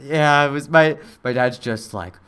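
A young man chatting casually, telling an animated, rambling story with many fillers and mimicking people in high voices. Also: measured pace, clear, resonant tone. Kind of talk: casual chat.

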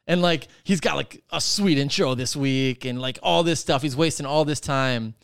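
This man hosts a podcast and goes on an animated, rambling rant, cursing freely and leaning on filler words. He has a creaky, clean mid-range voice at normal speed. The audio is clean studio sound without echo.

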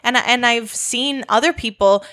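A woman in an easygoing chat, backing up the other speaker and adding her own views. Her voice sits a little high, and she swears casually. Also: a little slow, a bit bright. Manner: agreeable, chimes in, swears casually.

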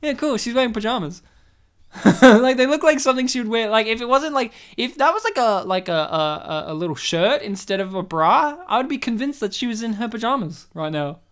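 A woman's voice: a little high, brisk. Rambling woman doing movie commentary. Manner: animated, rambling, many fillers, jumps into silly impressions. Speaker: co-host. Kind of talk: casual movie commentary chat.

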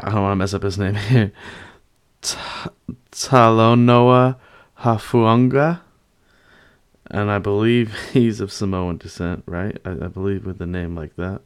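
A man's voice: fairly low pitch, clean tone. A man hosting a casual sports commentary, upbeat and loose with plenty of fillers. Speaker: podcast host.

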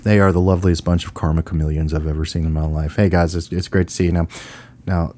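A man's voice: deep voice, level tone, fast talker, noisy background. A man hosting a podcast, joking and teasing his co-host as he runs through an old horror film. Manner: playful, jokey, teasing. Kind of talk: casual banter and film rundown.

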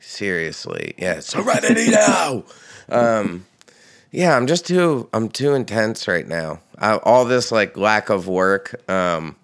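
A man hosting a casual podcast chat, a profane, animated storyteller who laughs often. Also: lowish voice, takes it slowly, hardly any pauses, clean tone. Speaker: podcast host and touring musician.

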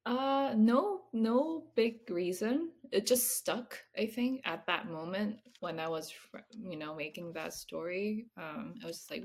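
A woman's voice: medium pitch, expressive, takes it slowly, few pauses, breathy edge. A woman, a picture book author, chatting casually in an interview, hesitant and full of "like" fillers, often laughing.

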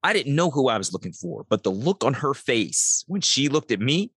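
A man's voice: medium pitch, big pitch swings, normal speed, fairly bright tone, slightly rough, dry recording. A middle-aged man, a podcast guest, telling a personal story and acting out the dialogue in it. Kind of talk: storytelling interview.

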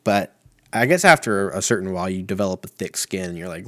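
A man in his thirties talks through a solo podcast from home in a lowish voice, rambling loosely and swearing freely while poking fun at himself. The recording is dry and close. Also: animated, quick pace, a bit bright, dry recording. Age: 30s. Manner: profane, rambling and self-mocking. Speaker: podcast host.

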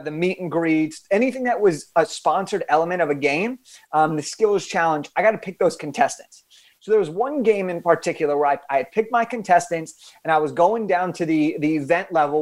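A young adult man, an author and podcast guest, telling a story with animated emphasis and frequent restarts. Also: on the high side.

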